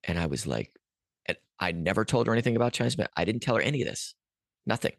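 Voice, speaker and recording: Low gravelly man telling a story. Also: fast talker, no room sound, studio quality. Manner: rambling, many restarts and fillers; earnest, animated at peaks. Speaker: podcast guest. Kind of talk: storytelling a personal experience.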